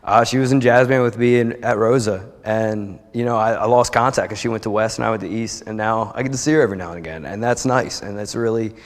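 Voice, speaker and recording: A man's voice: lowish voice, fast talker, few pauses. A young man from New Jersey telling a heartfelt personal testimony at a church service, chatty and rambling with many restarts. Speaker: church member giving a testimony. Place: church sanctuary. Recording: long reverb of a church hall.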